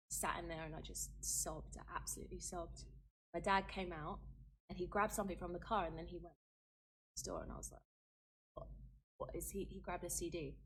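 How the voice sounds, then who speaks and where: Husky-voiced woman recounting a personal story. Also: fairly low pitch. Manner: earnest storytelling with fillers, rising intensity when quoting. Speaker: interviewee telling her own story. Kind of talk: personal account in an interview.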